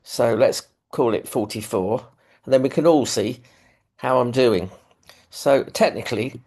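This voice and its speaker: A man's voice: lowish voice, darkish tone. A man with a London accent, speaking from his living room on a video call, telling his recovery story in a casual, self-deprecating way with many fillers. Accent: London English. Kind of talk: personal testimony, casual.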